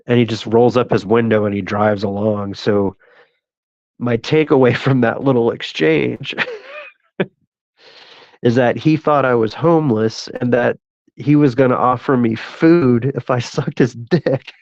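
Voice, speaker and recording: A man's voice: mid-range voice, fairly even intonation, normal speed, darkish tone, dry recording. Profane rambling male storyteller, dull sound. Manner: rambling, profane, laughs at his own stories. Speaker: host. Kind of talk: casual storytelling.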